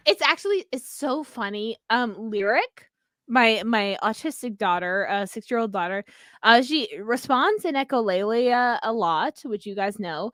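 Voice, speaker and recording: A woman's voice: a little high, animated, a little slow, fairly bright tone, no room sound, studio quality. A woman in her thirties co-hosting a podcast, chatting casually, rambling, swearing freely and giggling often. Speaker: podcast co-host. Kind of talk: casual chat.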